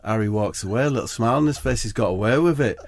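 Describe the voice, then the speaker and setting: A man's voice: medium pitch, very fast, creaky, no echo, studio quality. A man co-hosting a comedy podcast, telling an absurd story in a rambling way with sweary asides.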